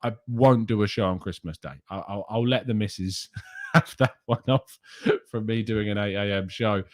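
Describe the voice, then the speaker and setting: A man's voice: fairly low pitch, normal speed. A young man hosting a casual live stream, chatting and reading out viewers' names and comments. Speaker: host.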